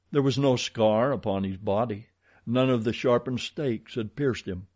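A man reading an adventure story aloud in a measured, dramatic storytelling manner. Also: fairly low pitch, mellow. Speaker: audiobook narrator. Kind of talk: scripted narration.

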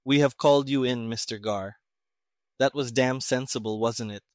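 A man's voice: mid-range voice, normal speed, no echo, clean studio sound, natural voice. A man voicing an irritable middle-aged army colonel who talks in a curt, sarcastic way, in an audiobook reading.

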